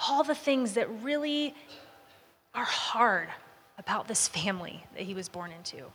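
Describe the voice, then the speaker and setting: A woman leading a Bible study class, speaking in a relaxed, conversational way and inviting answers from the group. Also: a little high. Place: large room with a group. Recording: long reverb of a large hall.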